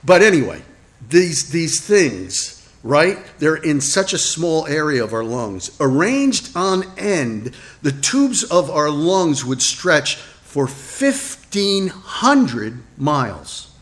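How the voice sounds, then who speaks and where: A male pastor delivers a sermon at a slow, deliberate pace. His tone is conversational rather than grand. He stops to ask the congregation questions and makes light jokes at his own expense. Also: fairly high pitch, sing-song, fairly bright tone. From Italian heritage. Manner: conversational, asks the congregation questions, self-deprecating asides.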